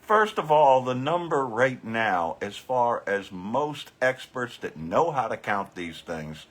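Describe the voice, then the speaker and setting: A man's voice: medium pitch, very animated, slow pace, a bit bright. A man hosting a live commentary show, talking casually and sarcastically, with plenty of swearing. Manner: sarcastic, profane, scoffing.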